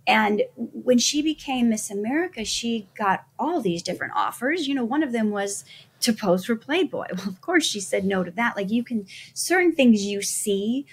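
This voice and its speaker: Husky-voiced woman, earnest podcast guest. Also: a little high, animated, moderate pace. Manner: earnest, faith-focused storytelling. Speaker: guest actress. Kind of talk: conversational interview.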